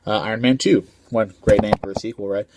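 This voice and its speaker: A man's voice: lowish voice, fairly even intonation, fast, very noisy. A man giving a casual, rambling movie review, full of slang and filler ums.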